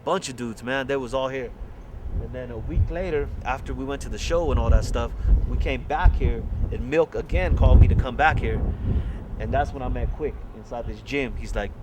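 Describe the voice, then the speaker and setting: A man recalling his youth in an interview, lively and excited. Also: mid-range voice, normal speed, noisy background. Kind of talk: casual storytelling.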